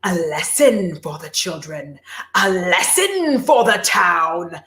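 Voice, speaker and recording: A woman voicing an evil female sorceress trapped in a book, in a low, drawn-out hissing whisper. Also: animated, fairly bright tone, roomy sound, full character voice. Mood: sinister whisper.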